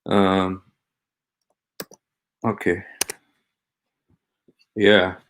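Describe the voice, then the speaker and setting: A man hosting a casual livestream, talking in a halting, rambling way with many fillers and restarts. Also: low voice, level tone, fairly bright tone, slight background noise. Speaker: livestream host.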